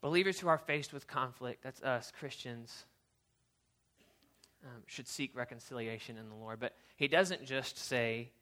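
In an unhurried, mid-range male voice, a youth pastor preaches informally through stories. He sounds talkative and energetic, frequently using fillers and starting sentences over.

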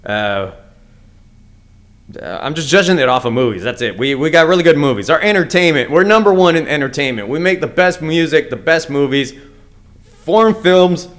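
A man's voice: fairly high pitch, animated, brisk, fairly bright tone. A young man hosting his own comedy podcast, ranting bluntly and crudely with lots of stumbles and restarts. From United States. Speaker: podcast host. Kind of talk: casual solo comedy rant.

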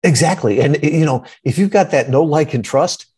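Husky guy on a podcast giving snappy quotable answers. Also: on the high side, animated, moderate pace, a little mellow. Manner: punchy, aphoristic, often asks "right?". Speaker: podcast guest, marketing founder. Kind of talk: conversational interview answers.

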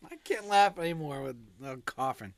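A woman's voice: low voice, expressive, normal speed, noisy background. A woman in a casual chat, adding brief remarks and chuckles.

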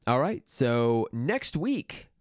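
A man co-hosting a music podcast in casual chat, laid-back and hesitant, filling pauses with "um" and "like". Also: mid-range voice, sing-song, no echo, studio quality. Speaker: podcast co-host.

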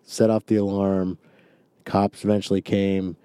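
Laid-back guy, real dark mellow voice, dry close sound, telling a break-in story. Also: low-pitched, little pitch movement, unhurried, smooth, dry recording. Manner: laid-back, swears casually. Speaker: former retail manager. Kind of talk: casual chat.

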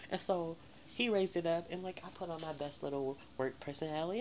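A woman, telling a profane, animated storytime rant for her vlog. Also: low voice, fast, a little hiss or hum. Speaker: vlogger.

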